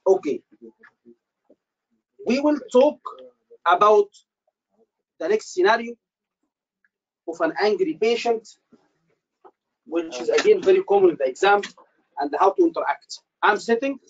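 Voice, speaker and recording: Animated man quizzing his class. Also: high voice, highs cut off. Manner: quizzes the class with quick questions; repeats key phrases for emphasis. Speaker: exam tutor for doctors. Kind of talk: live teaching session.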